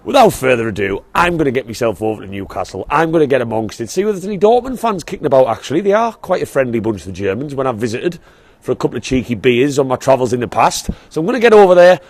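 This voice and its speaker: A man, vlogging in an excited, chatty way as he heads to a football match through city streets. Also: mid-range voice, fast talker. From England. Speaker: vlog host. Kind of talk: matchday vlog.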